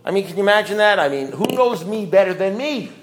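Male meeting speaker: mock-outraged storyteller, sarcastic, slightly high-pitched. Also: expressive, quick pace, noisy background. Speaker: speaker sharing at a recovery meeting. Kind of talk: storytelling talk to a group.

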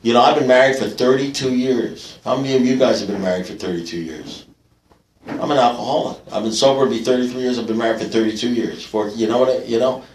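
A man's voice: mid-range voice, steady tone, fast talker, recorded from a distance, slight background noise. Wry older man sharing in an echoey hall. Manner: wry, self-mocking, punchy delivery with laughter. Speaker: recovery meeting speaker. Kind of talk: storytelling share at a recovery meeting. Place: meeting hall with live audience. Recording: echoey room, picked up from afar.

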